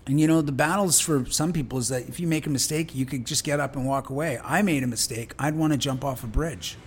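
A man's voice: medium pitch, fast talker, husky. A man from Canada, a guest in an interview, speaking candidly in an earnest, reflective way with frequent restarts.

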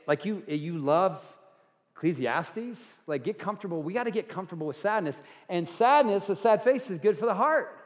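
A man preaching a sermon as pastor, earnest, going from loud emphasis to hushed softness. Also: a little high, big-room sound. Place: church sanctuary.

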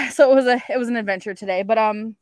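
A woman co-hosting a casual podcast, telling an animated story full of "like" and the odd swear word. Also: fairly high pitch, quick pace, dry recording, clean studio sound. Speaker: podcast co-host. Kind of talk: casual chat.

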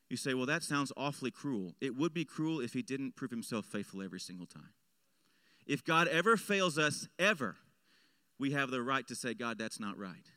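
A man preaching a sermon as pastor, swinging between loud emphatic lines and hushed low ones. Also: no echo. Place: church.

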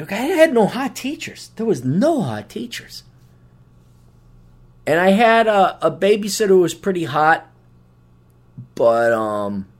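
A middle-aged man hosting a podcast, delivering a crude comedic monologue, mocking people with put-on quotes and getting loud when worked up. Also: mid-range voice. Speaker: podcast host.

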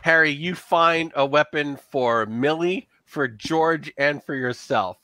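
A man running a tabletop horror game with a bright, forward voice. He narrates loosely and casually and laughs often. The sound is dry and close. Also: a little high, takes it slowly, no room sound. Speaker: game master.

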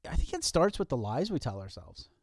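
A man's voice: medium pitch, big pitch swings, brisk, breathy edge, dry recording, studio quality. A man co-hosting a podcast, talking earnestly in a casual motivational way with wry self-deprecating jokes. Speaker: podcast co-host.

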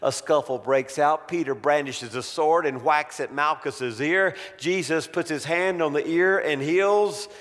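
Slow, dramatic male preacher. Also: fairly high pitch. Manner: dramatic storytelling, trailing off to near-quiet. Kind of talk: sermon. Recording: long hall reverb.

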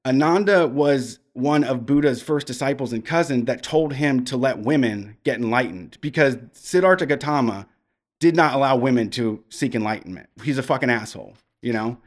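A man in casual storytelling mode on a podcast, talking frankly and swearing freely. He rambles, restarts his sentences and lands at a middle pitch. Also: normal speed.

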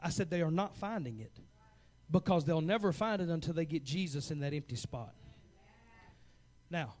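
A man in his forties preaching a fervent sermon as pastor, swinging from hushed asides to loud, urgent calls. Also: on the high side, lively intonation, normal speed. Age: 40s.

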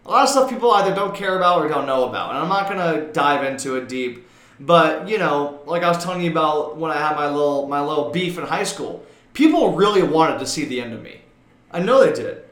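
A young man hosting a podcast in casual chat, with a voice that sits a bit high. He rambles and gets loud and worked up when riled. The room around him is echoey. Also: animated, brisk. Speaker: podcast host.

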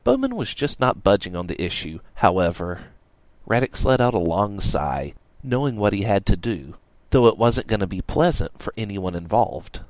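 A man reading a story aloud in a wry, lively storytelling manner. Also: on the low side, moderate pace, no room sound. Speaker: narrator.

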